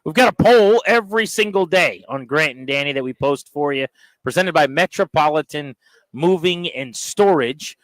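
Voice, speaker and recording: A male sports radio co-host with a slightly high voice, reading a sponsored poll segment in a measured, conversational way. His sound is dry and close to the mic, with no room echo. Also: fairly bright tone. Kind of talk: radio talk and sponsor read.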